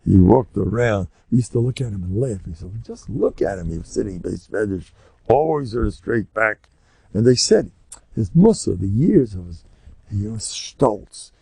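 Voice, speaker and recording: An older rabbi with an American accent delivers a Torah lecture to a room of listeners. His voice is mellow and gravelly, and his pitch swoops widely as he acts out his stories. The sound is dry and close. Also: normal speed, no room sound. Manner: animated storyteller who acts out scenes.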